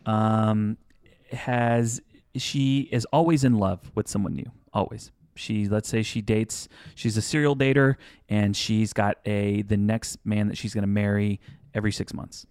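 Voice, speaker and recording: A man's voice: fairly low pitch, steady tone, measured pace, a little mellow, clean tone, no echo, clean studio sound. A man co-hosting a wedding-planning podcast in casual chat, rambling and correcting himself as he spins hypothetical examples. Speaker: podcast co-host.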